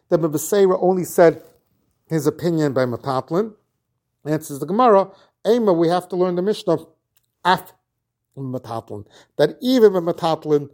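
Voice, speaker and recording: A man's voice: on the high side, a little mellow. Man explaining a Talmud lesson. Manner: reads Aramaic phrases then explains them, with restarts. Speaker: Talmud teacher. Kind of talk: Talmud lesson, translating Aramaic into English.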